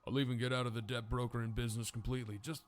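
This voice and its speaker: A man's voice: medium pitch, flat delivery, very fast, close to an everyday voice. A man doing a begging debt broker. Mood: pleading.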